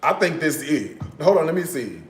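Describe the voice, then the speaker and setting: A man's voice: fairly high pitch, sing-song, brisk. A man chatting casually on a cooking livestream, drawling and checking in with "okay?" and "y'all" as he shows off his groceries. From United States. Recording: echoey room.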